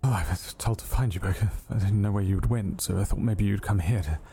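A man's voice: lowish voice, fast, dark tone, husky. A man voicing his character in a tabletop game, talking in a flustered, rambling, formal way. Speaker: player.

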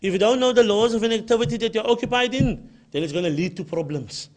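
A man's voice: sits high, fast, a little mellow. A man with a Cape Town South African accent giving an emphatic religious lecture and often repeating his key points. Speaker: Islamic lecturer.

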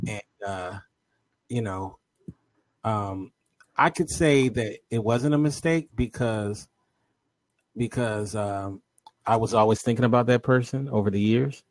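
A man's voice: lowish voice, measured pace, long pauses, no room sound. A man co-hosting a casual talk show, chatting loosely and reading viewer comments aloud, with many fillers and restarts. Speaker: co-host.

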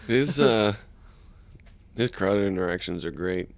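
A man's voice: sits low, unhurried, gravelly, dry recording. A man co-hosting a comedy podcast in casual chat, laid-back, with dry remarks. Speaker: podcast co-host.

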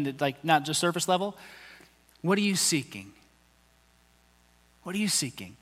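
High bright-voiced man preaching in a hall. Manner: conversational, acts out quotes in voices. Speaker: pastor. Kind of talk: sermon.

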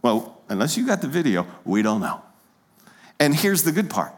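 A man's voice: mid-range voice, sing-song, normal speed. A pastor preaching a sermon in a church, talking conversationally and putting rhetorical questions to his congregation. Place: church sanctuary with pews.

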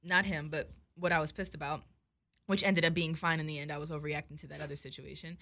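A young woman telling a story in casual chat, animated and profane, acting out both sides of the dialogue. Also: sits low, fast, creaky.

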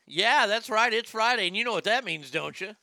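A middle-aged man hosting a comedic show segment, ranting loudly and profanely and repeating himself. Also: sits high, lively intonation, a little fast, gravelly, dry recording, studio quality. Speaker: show host.

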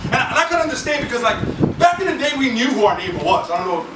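A man's voice: very high voice, sing-song, very fast, background noise. A man preaching a sermon as pastor, telling stories in a conversational, humorous way and drawing responses from the congregation. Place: church sanctuary. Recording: echoey hall from far off, with music.

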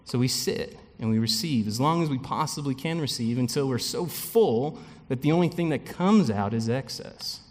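A pastor gives a relaxed, chatty sermon with asides to the congregation. His voice sits at a middle pitch for a man. The sound carries a long reverb from a church hall. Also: normal speed, hardly any pauses. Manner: conversational, animated preaching with frequent asides and light laughs.

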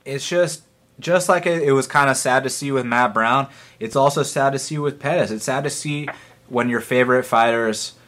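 An excitable man chats about upcoming fights in a loose, profane podcast style. His voice sits at a middling pitch and he leans hard into his points, swearing freely as he argues his picks. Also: moderate pace. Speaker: podcast co-host. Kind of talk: casual fight-betting chat.

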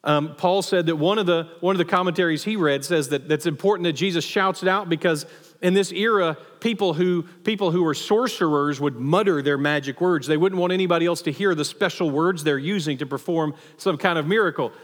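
A man preaching a sermon as pastor, conversational and animated, in a church sanctuary. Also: a little high, a little fast. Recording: long hall reverb.

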